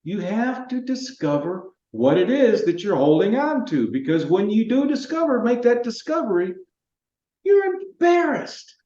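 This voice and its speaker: A man's voice: high-pitched, sing-song, normal speed, hardly any pauses, dark tone. A man giving informal spiritual teaching as host, emphatic and asking questions he then answers. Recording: echoey, distant, muffled.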